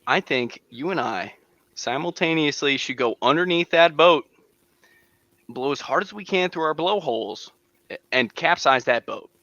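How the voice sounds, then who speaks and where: Brief: a man playing a blunt, angry male whale in a told joke; bright, dull lo-fi line. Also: on the high side, lively intonation, moderate pace, dry recording. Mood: vengeful.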